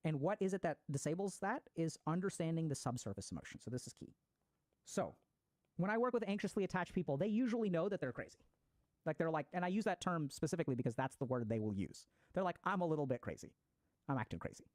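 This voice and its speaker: A man who is a psychiatrist, explaining attachment to an online audience in a casual lecture, conversational and quick, with swearing and gaming slang. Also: a little high, animated, a little mellow, no echo.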